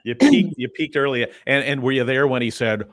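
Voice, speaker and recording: A man's voice: medium pitch, a little fast, fairly bright tone, dry recording, studio quality. A man hosting an interview, asking questions in a playful way. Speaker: interview host. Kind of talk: video interview.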